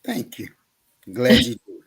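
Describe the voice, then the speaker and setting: A man from Dallas with a Texan country accent, a guest musician talking in a relaxed, grateful way. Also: measured pace. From Dallas, Texas. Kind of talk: casual interview chat.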